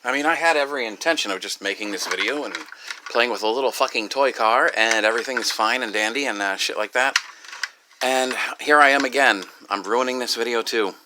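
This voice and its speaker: A grieving, upset man talking in a rambling personal vlog, halting and profane, with many restarts. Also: medium pitch, pushed and bright, slight background noise. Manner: halting, profane, full of restarts and "you know". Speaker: video creator.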